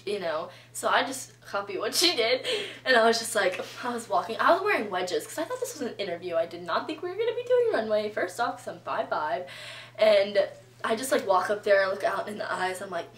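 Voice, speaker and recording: A young woman chats through a story for her vlog, stacking up fillers and acting out what people said. Her voice sits at an ordinary middle pitch. The sound bounces around the room, and she is a little back from the mic. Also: sing-song, fairly quick, a bit bright, recorded from a distance. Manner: chatty, filler-heavy with lots of "like" and quoted reactions. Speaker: vlogger. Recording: roomy echo, voice a bit off-mic.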